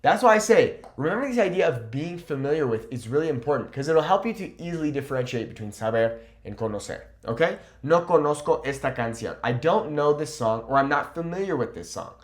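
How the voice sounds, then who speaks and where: A young man teaching a Spanish lesson online, explaining patiently and repeating example phrases slowly. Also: fairly high pitch, sing-song.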